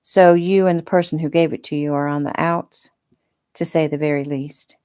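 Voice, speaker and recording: Plainspoken rancher guy, dry and teasing, read by a woman in her own low voice. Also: fairly even intonation, moderate pace, dark tone, clear, resonant tone, close to an everyday voice.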